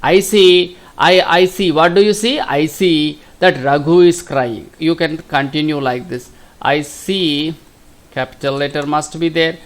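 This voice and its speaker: A middle-aged man from India with a Telugu accent, giving a slow classroom lesson that repeats each question and answer. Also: a little high. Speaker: teacher.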